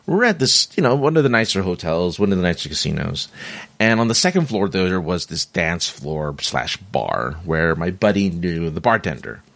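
A middle-aged man with a very low voice talks through a personal story in a loose, rambling way, doubling back and laughing at himself. He has the hiccups. The sound is dry and close, with no room echo. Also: big pitch swings, moderate pace, a bit bright. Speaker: vlogger sharing personal stories. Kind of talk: casual monologue.

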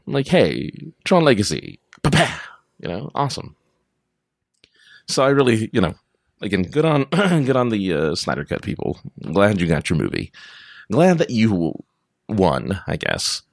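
A deep-voiced man hosts a podcast alone, talking in a loose, rambling way that drifts from tangent to tangent. His pitch swings widely as he goes, and he laughs often. The sound is dry and close. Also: big pitch swings, normal speed, vocal fry, long pauses, no echo. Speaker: podcast host. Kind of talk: casual rambling monologue.

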